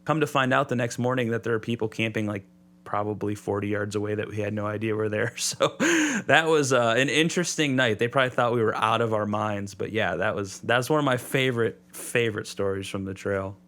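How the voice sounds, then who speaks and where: A man's voice: on the low side, fairly quick. A man talking casually as a podcast guest, rambling and restarting his sentences as he tells stories from the trail. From United States. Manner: relaxed, rambling with many restarts. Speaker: podcast guest, thru-hiker. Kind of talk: casual interview storytelling.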